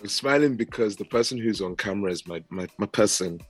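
A man's voice: lowish voice, a little fast, faint music behind. A man co-hosting a podcast with playful, teasing banter. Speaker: podcast co-host. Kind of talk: casual banter.

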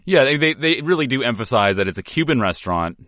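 A man's voice: mid-range voice, animated, fast talker, a bit bright, no echo. A man co-hosting a casual movie podcast, making dry, wry remarks. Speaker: podcast co-host.

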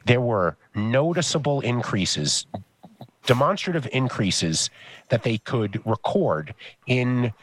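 A man co-hosting a casual podcast chat, telling stories in a lively way and swearing freely. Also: mid-range voice, takes it slowly, slight background noise. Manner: animated storyteller, swears casually. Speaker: podcast co-host.

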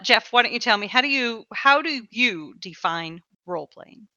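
Woman host, bright voice, chatty and repeating herself, dull dry recording. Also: fairly high pitch, lively intonation, normal speed, no echo. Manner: chatty, repeats words and laughs often. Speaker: podcast host. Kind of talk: casual chat. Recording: dull, slightly lo-fi dry sound.

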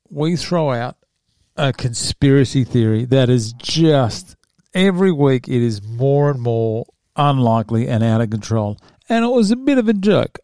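A man's voice: mid-range voice, mellow, no room sound, studio quality. An Australian man hosting a casual talk show and giving fight picks, joking and rambling and stumbling over names. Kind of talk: casual chat.

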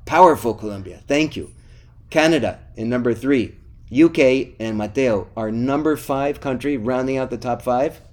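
A man's voice: medium pitch, unhurried, a little mellow. A middle-aged man co-hosting a podcast, wrapping up the episode in a casual, upbeat way and pleading with listeners to vote and leave reviews. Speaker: podcast co-host.

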